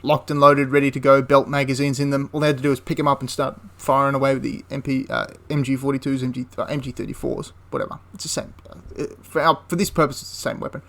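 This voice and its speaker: A man's voice: medium pitch, little pitch movement, fast talker, hardly any pauses, fairly bright tone. A man casually retelling a wartime story for a history channel, rambling with frequent restarts and asides.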